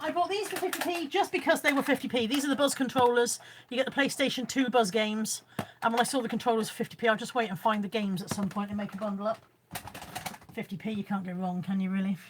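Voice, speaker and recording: Woman, casual live-stream chat, reads out comments, fairly high voice. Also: fairly even intonation, fast, noisy background. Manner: chatty, reads out viewer comments. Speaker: vlogger. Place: room at home.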